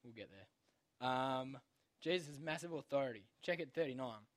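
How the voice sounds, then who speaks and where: A man's voice: medium pitch, animated, normal speed. A young man giving a casual, slangy Bible lesson to children, constantly checking in with "okay?". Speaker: youth Bible teacher.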